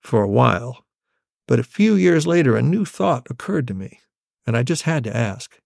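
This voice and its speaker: A man, a storyteller, telling a family story in an unhurried, wry way. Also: medium pitch, sing-song, gravelly, darkish tone, no echo, studio quality.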